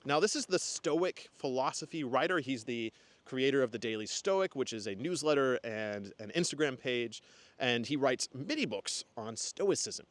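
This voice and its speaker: A man's voice: medium pitch, lively intonation, moderate pace, dry recording. Earnest rambling young man vlogging. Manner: earnest, rambling, lots of fillers and restarts. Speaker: spiritual content creator. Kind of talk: casual reflective vlog talk.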